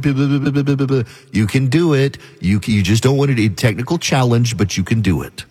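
Man, talk radio host, husky voice, mid-pitched, argumentative, brisk, addresses listeners directly. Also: a little mellow. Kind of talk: opinionated talk radio monologue.

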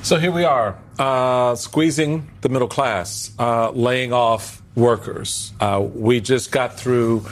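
A male news co-host poses a long question to a guest. He speaks in a halting way, pausing with fillers, and his voice sits in a middle register. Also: mid-range voice. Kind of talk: panel discussion.

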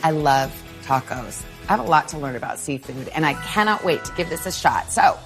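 A woman's voice: low voice, lively intonation, fairly quick, music in the background. A woman hosting a cooking segment, chatting enthusiastically and playfully as she learns to cook in a kitchen. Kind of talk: casual cooking-segment chat. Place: kitchen set.

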